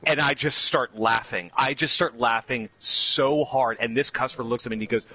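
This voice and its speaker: A man's voice: medium pitch, fairly quick, hardly any pauses, husky. A man casually telling a story, laughing often and acting out other people's lines. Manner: animated, laughs often, acts out customers' lines. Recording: slightly dull lo-fi audio with faint background noise.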